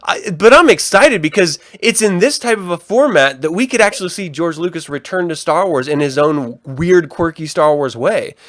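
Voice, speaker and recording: A man co-hosting a casual fan podcast, animated and profane, often restarting his sentences. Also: fairly high pitch, moderate pace, few pauses, no room sound, studio quality. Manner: animated, swearing, trailing restarts. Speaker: podcast co-host.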